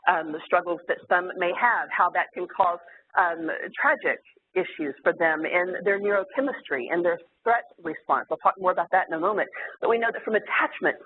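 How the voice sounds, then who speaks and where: A therapist giving an earnest, explanatory lecture to clinicians, with occasional fillers. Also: medium pitch. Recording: tinny phone-like sound, faint hiss.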